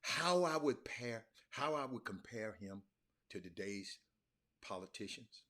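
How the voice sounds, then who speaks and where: A man hosting a casual livestream talk from a hotel room. He is an animated storyteller who repeats and restarts words and keeps calling out to his viewers as y'all. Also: fairly low pitch, a little slow. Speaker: talk show host.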